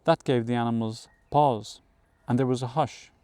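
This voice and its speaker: A man reads a classic novel aloud in a measured storytelling manner, sometimes correcting a slip. His voice sits at a middle pitch and sounds smooth and resonant. The recording is close and dry. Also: steady tone, a little mellow, dry recording. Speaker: audiobook reader. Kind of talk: scripted narration of a novel.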